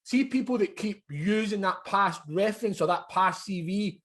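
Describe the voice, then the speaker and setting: A man hosting a podcast interview, speaking in a sympathetic, halting way with many fillers. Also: high-pitched, a bit bright. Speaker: podcast host. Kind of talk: conversational interview.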